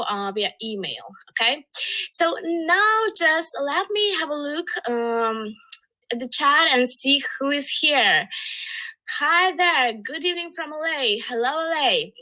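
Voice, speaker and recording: Upbeat woman hosting a webinar, high voice. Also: sharp tone, low-quality recording. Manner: upbeat, reads chat messages aloud. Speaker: webinar host. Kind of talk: live webinar hosting, greeting chat.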